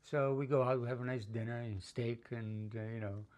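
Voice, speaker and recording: A middle-aged man tells a personal story in a loose, unscripted way. He rambles, stops and restarts, and fills gaps with plenty of "uh"s. When he quotes someone, his voice jumps higher and gets louder, and his pitch sits in an ordinary male middle range. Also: steady tone, moderate pace. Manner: rambling, with many fillers and restarts. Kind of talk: casual spoken life story.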